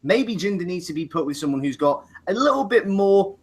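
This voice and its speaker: A man's voice: high voice, sing-song, brisk, husky. A man co-hosting a casual chat, opinionated and joking, often restarting his sentences. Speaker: podcast co-host.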